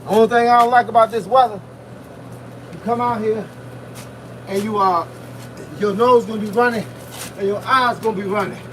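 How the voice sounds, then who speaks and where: A man, a boxing fitness coach, live-streaming a workout outdoors in freezing wind, giving loud, punchy motivational talk while punching a heavy bag. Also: high voice, fairly even intonation, moderate pace, long pauses. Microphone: phone camera set at a distance. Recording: distant phone mic with wind noise.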